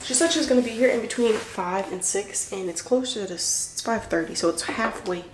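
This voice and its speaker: A woman in her twenties rambling through a casual home vlog, chatty and animated. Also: medium pitch, a little fast. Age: 20s. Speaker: vlogger, mom of three. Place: at home, indoors. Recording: echoey room with clear background noise.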